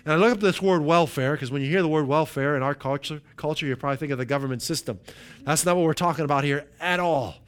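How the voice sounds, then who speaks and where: A man delivering a sermon with a smooth, resonant voice pitched a little high. He leans on key words, slowing down for emphasis and tossing out "right?" to the congregation. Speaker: preacher.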